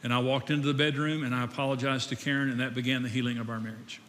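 Older guy preaching, bright forceful voice, talks to the crowd like a chat, long hall echo. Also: mid-range voice, level tone, racing, a little hiss or hum. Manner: conversational, asks the audience questions, self-deprecating. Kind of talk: sermon. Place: church hall. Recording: echoey hall.

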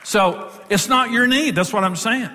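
A man's voice: extremely high pitch, moderate pace, pushed and bright, a faint crowd. Joking man lecturing couples in a hall. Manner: jokey, self-deprecating, acts out quotes. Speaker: marriage speaker. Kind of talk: humorous teaching talk to couples. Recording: long reverb of a large hall.

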